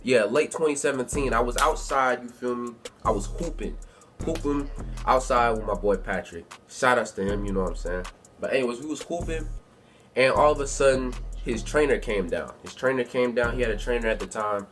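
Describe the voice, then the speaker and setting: A man's voice: medium pitch, a little fast, fairly bright tone, faint music behind. Slangy young man telling a story. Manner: slangy, rambling, lots of filler phrases. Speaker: youtuber. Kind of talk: casual storytelling. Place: bedroom at home.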